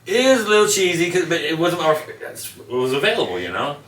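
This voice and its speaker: A man's voice: a little high, sing-song, brisk, a bit bright, slight background noise. A man as an interview guest, telling rambling anecdotes in casual conversation. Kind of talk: casual storytelling. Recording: echoey room, mic at a distance.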